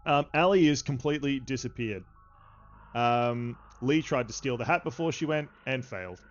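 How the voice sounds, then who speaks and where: Halting male game master, muffled sound. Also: medium pitch, faint music behind. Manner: halting, lots of fillers. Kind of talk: narrating a tabletop game.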